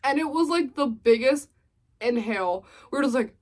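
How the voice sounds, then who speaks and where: A woman's voice: sits high, moderate pace. A young woman vlogger telling a storytime, acting out what people said. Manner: animated storytelling, acts out quotes. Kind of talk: storytime vlog.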